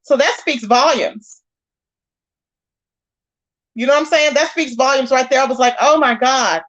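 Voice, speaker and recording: A woman vents to her live-stream viewers, animated and exasperated. She acts out what others said as she goes. The audio is dull and lo-fi. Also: high voice, moderate pace. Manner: animated and exasperated, acting out quoted lines. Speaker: live-stream commentary host. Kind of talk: casual live-stream commentary, greeting chat viewers.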